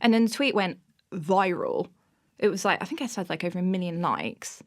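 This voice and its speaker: Woman, 30s, podcast guest; lively, expressive delivery, full of laughs. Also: on the low side, moderate pace. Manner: animated storytelling, bursts of laughter. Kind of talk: casual interview chat.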